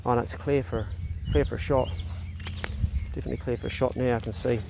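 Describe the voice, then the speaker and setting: A man's voice: mid-range voice, fairly even intonation, fast, creaky, noisy background. A man filming himself on a farm, giving casual hunting commentary, swearing freely and talking to his dog. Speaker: hunting vlogger. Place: outdoors on a farm.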